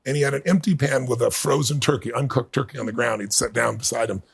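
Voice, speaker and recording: A middle-aged man being interviewed, telling a personal story in earnest and building to bursts of excitement. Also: medium pitch, fast. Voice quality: gravelly, husky. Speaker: guest.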